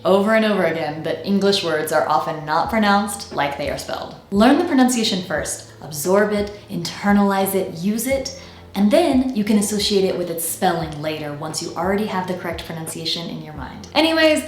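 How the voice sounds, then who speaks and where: A woman with a General American accent gives a scripted pronunciation lesson, speaking clearly and slowing down to model each word. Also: mid-range voice, expressive, echoey room, slight background noise. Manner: clear, deliberate, slows down to model words. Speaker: pronunciation teacher.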